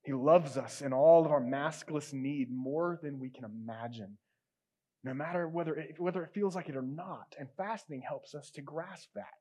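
Male pastor, slightly high voice, casual sermon delivery that swings from emphatic to hushed. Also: moderate pace. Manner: conversational, emphatic, drops to soft quiet tones.

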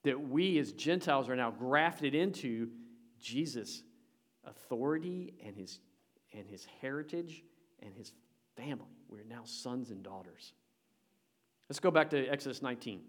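A male pastor delivering a sermon in a mid-range voice. He talks to the congregation in a conversational way, pushing his voice up for emphasis and then dropping it low again. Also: lively intonation, a little slow. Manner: emphatic, rising and falling in volume; conversational, addressing the congregation directly.

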